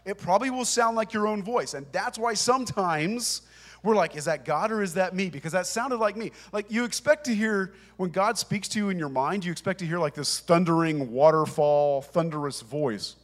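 A man's voice: high voice, lively intonation, moderate pace. A man preaching a sermon to a congregation in a conversational, emphatic way. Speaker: pastor. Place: church with congregation.

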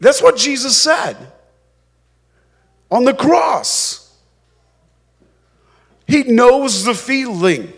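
A man preaching with a high-pitched voice that stays unhurried and deliberate. He leans on words for emphasis and slips into the voices of the people in his story. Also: big pitch swings, husky. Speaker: pastor. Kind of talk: sermon.

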